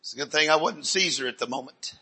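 An older man, preaching in a rambling, folksy storytelling sermon with sudden shouts. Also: a little high, quick pace, slightly rough.

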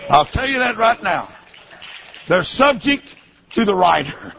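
A man preaching a sermon as a story, emphatic and repeating rhetorical questions to the congregation, at times rising to a shout. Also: sits high, big pitch swings, unhurried, creaky, slight background noise. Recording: dull lo-fi recording.

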